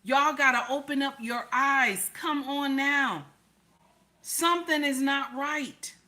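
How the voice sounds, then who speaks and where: A woman live-streamer talks slowly and deliberately in a fairly high, bright voice. She hammers her points with repetition and rhetorical questions and calls her audience baby and honey. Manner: emphatic, repeats herself, fires rhetorical questions. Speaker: live-stream host reading viewer comments. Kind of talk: opinionated live-stream commentary.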